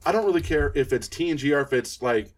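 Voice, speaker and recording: A man's voice: on the high side, animated, fast talker. A man co-hosting a podcast in casual chat, ranting and cursing with lots of stammered restarts. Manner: profane, stammering rants about fandom. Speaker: podcast co-host.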